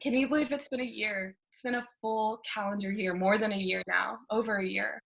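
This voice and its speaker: A young woman performs a stand-up set from her living room over a video call. Her voice is bright and forceful, with a middling pitch. She mocks herself and keeps breaking into laughter at her own lines. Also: fairly even intonation, fairly quick, gravelly. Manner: self-mocking, laughs through her punchlines. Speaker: stand-up comedian. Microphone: webcam on a video call.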